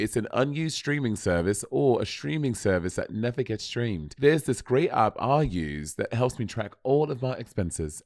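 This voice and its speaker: A man voicing a British-accented ad reader in a mock-polished, deliberately shaky put-on accent. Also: mid-range voice, darkish tone, no room sound, studio quality, natural voice.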